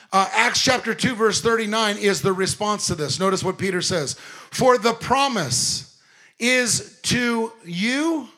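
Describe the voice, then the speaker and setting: A man preaching a sermon, animated, full of quick asides and rhetorical questions to the congregation. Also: sits high. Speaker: pastor.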